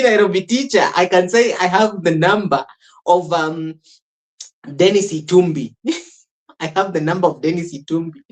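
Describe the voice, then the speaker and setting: A host reacting live to a clip, laughing between remarks and talking straight to the viewers in a loose, chatty way. The voice sits at a middle pitch for the speaker. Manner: chuckles often, talks to chat. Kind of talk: live-stream reaction commentary.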